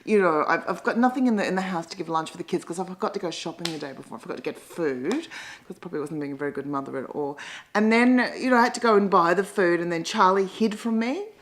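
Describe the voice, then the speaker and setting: A middle-aged Australian woman doing a rambling, self-mocking comic monologue, with sudden loud, sweary outbursts. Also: fairly low pitch, quick pace, rough recording. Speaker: comedian and columnist.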